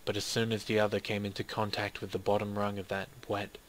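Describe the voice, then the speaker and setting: A man reading a dramatic first-person story in a steady, measured way. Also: lowish voice, a little hiss or hum. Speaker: narrator.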